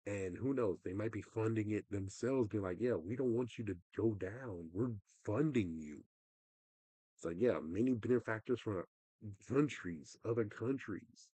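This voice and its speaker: Husky, frustrated man rambling on stream. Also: on the low side, moderate pace, mellow, no room sound. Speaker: livestreamer. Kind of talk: casual livestream rant.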